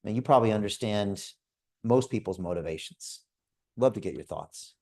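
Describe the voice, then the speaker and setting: A man in his fifties hosting a crypto investment club and giving a motivational sales pitch on a group video call. He talks in a direct, energetic way and keeps calling his listeners folks. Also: moderate pace.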